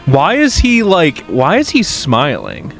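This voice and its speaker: A man's voice: on the high side, wildly swooping pitch, slow pace, vocal fry, soft background music. A man giving casual reaction commentary on a horror series, ranting in exasperation and swearing, with frequent restarts.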